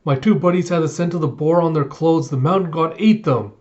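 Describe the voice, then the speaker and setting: A man's voice: on the high side, a little fast, a little mellow, pitched above the performer's own voice, natural voice. A man voicing a frantic, blaming male townsman in a dull lo-fi recording.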